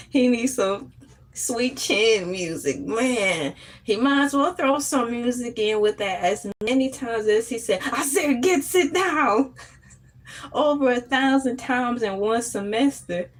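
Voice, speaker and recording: A woman hosting a casual morning livestream chat, playful and animated, often jumping into high squeals. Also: slow. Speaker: livestream host.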